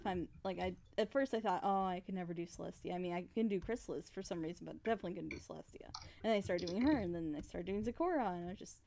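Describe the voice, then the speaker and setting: A young woman voice actor chats casually while drawing on stream. She laughs often and acts out what people said. Her voice sits at a middle pitch over a faint background hiss. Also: a little mellow.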